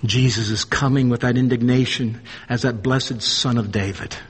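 A man preaching a sermon with dramatic swings between loud emphasis and hushed, low phrases. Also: steady tone, moderate pace, slightly rough, in a large hall.

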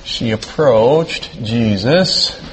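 A man's voice: medium pitch, expressive, extremely slow. A male pastor preaching a sermon in a conversational way, asking the congregation questions and adding dry humor. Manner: dry self-deprecating humor. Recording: long reverb in a hall, faint background noise.

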